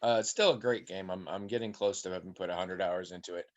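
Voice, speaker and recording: A man's voice: low-pitched, quick pace, highs cut off. A man co-hosting a podcast, chatting casually and telling rambling stories with voices thrown in. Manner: rambling animated storytelling with mimicked voices. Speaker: podcast co-host.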